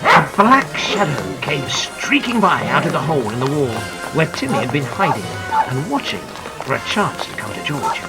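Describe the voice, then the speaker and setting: Expressive man narrating an adventure storybook. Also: fairly high pitch, moderate pace, poor audio. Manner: dramatic, very expressive. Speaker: audiobook narrator. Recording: narration over clear music.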